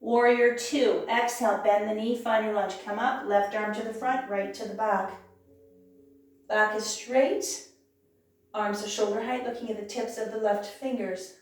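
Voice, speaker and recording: A woman's voice: mid-range voice, measured pace, far from the mic. Yoga teacher woman, echoey room. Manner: calm, encouraging cues. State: clearing her throat, losing her voice. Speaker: yoga instructor. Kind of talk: guided yoga class instruction.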